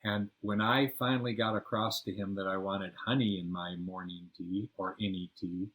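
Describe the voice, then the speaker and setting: Older man, podcast storyteller, rambling, word-searching, lowish voice. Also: a bit bright. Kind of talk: personal travel storytelling.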